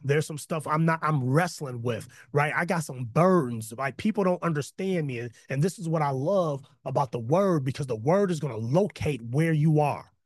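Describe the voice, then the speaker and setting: A man preaching in a casual, energetic style to an online chat, breaking off into slangy asides and building to emphatic repetition. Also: a little high, moderate pace, hardly any pauses, dry recording, studio quality. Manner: conversational slang, self-interrupting asides. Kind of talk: online sermon with chat interaction. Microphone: close mic, video call.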